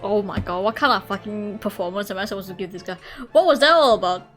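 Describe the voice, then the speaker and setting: A woman's voice: medium pitch, fast talker, fairly bright tone, soft background music. A woman streamer giving casual game commentary, full of profane, mocking asides.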